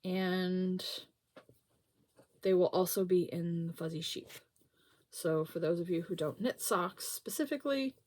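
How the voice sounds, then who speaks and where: A woman's voice: on the low side, darkish tone. A middle-aged woman hosting a knitting podcast, chatting casually and laughing at herself as she shows her projects. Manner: chatty, self-deprecating, laughs often. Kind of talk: casual show-and-tell chat.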